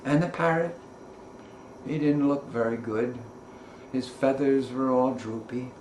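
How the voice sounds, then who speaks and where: A man who works as a storyteller, narrating a children's folk tale in a playful, expressive way. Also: medium pitch, a little slow, slight background noise. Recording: roomy echo.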